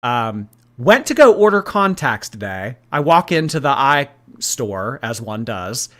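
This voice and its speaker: A man's voice: mid-range voice, sing-song, unhurried, fairly bright tone. A man hosting a casual livestream, reading and answering viewer chat in a gossipy way and laughing often.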